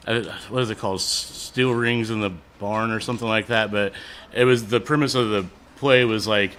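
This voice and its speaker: A man's voice: fairly low pitch, fairly even intonation, fairly quick, a bit bright, a little hiss or hum. A man in his forties, a musician guest, chatting casually with many fillers and frequent laughs. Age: 40s. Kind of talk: casual interview chat.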